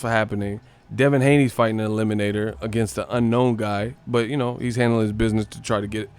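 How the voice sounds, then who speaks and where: A man's voice: mid-range voice, brisk, faint music behind. A man hosting a livestream, joking profanely and laughing often. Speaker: livestream host. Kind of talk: casual commentary.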